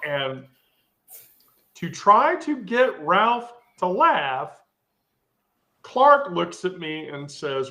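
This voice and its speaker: A woman's voice: deep voice, sing-song, extremely slow, pauses often, a bit bright. A woman hosting a live social stream, telling a rambling, profane story full of asides.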